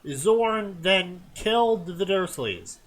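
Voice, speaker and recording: A man co-hosting a comedy show, giving a deadpan, dismissive reading of fanfiction with commentary. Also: high voice, slow. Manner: deadpan, dismissive, with many "blah, blah".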